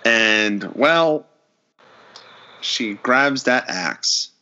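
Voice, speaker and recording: A man in a casual podcast chat, retelling a horror episode with animated storytelling and acting out the characters' lines. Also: mid-range voice, very slow, muffled recording.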